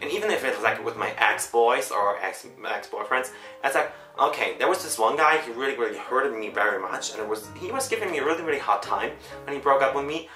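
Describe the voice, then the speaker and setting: A woman's voice: rumbling low, bright, forceful tone. A young woman in her twenties, English not her first language, rambling and correcting herself as she chats to camera. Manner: rambling, chatty, self-correcting. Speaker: vlogger. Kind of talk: casual chat to camera. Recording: echoey room with faint music.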